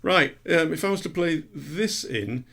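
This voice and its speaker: A man's voice: on the high side, expressive, a little slow, vocal fry, sharp tone. A man co-hosting a podcast in casual chat, with dry, self-mocking asides. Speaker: podcast co-host.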